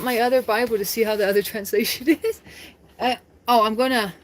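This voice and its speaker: A woman's voice: a little high, fairly even intonation, brisk. A woman from the United States chatting casually on her live stream, rambling and laughing often.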